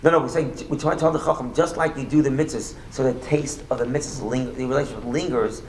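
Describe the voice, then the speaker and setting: A man, a rabbi teaching a Torah class, talking quickly and playfully with jokes and frequent restarts. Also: mid-range voice, a little hiss or hum. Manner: animated, rapid, joking, with many restarts. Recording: echoey room with faint ambience.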